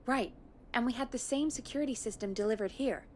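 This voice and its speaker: Helpful radio coworker in a game played by a woman, brisk, bit higher voice, faint hiss. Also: a little mellow, lightly acted. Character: game character Peggy, helpful radio colleague.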